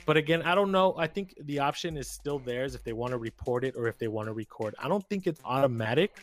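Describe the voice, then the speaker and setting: Animated, swearing man telling a story. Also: mid-range voice, fast talker, faint music behind. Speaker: podcast co-host. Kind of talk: casual chat.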